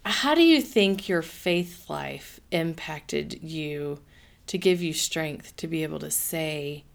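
A woman who hosts a faith-based parenting podcast and serves as an associate pastor. She reads a scripted welcome, then asks measured questions. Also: low-pitched, animated, gravelly.

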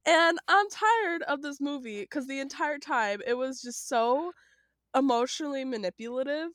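A woman's voice: high voice, lively intonation, normal speed, fairly bright tone, no room sound, clean studio sound. A woman co-hosting a casual movie review chat, emphatic and blunt. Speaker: podcast co-host.

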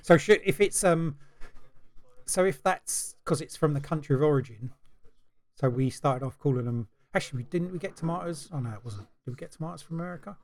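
A man's voice: on the high side, a little fast, darkish tone. Easygoing British man, casual podcast chat. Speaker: podcast co-host.

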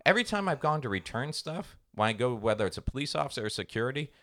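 A man's voice: medium pitch, quick pace. A man co-hosting a podcast, telling stories in casual chat and acting out the people in them. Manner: animated storyteller, acts out voices in anecdotes. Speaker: podcast co-host.

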